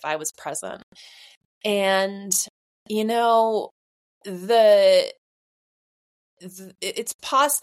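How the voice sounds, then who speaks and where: A woman in her forties co-hosting a podcast, talking in a rambling, reflective way with many fillers. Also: mid-range voice. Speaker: podcast co-host. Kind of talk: casual conversation.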